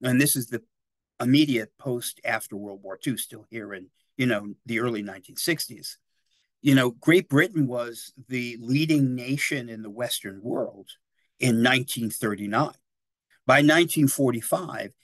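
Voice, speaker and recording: A man's voice: medium pitch, measured pace, a bit bright, no echo. A man in his sixties giving a casual, rambling history talk at a library, often checking in with his listeners. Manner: chatty and digressive, often tags "right?" and "you know".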